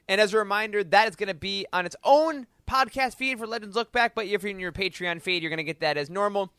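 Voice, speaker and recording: A man hosts a casual podcast and runs through show updates in an upbeat way. His voice is high and bright with a forward edge. The sound is dry, with the mic close. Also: no echo. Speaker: podcast host.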